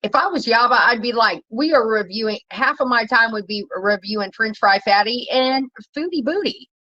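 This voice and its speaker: A woman's voice: expressive, moderate pace, pushed and bright. A woman rants bluntly and profanely, wandering from point to point, her voice climbing sharply when she gets fired up. The sound is a little dull and lo-fi, like a basic home setup. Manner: blunt, profane, rambling, rising pitch when worked up. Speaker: commentary vlogger. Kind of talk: casual ranting commentary.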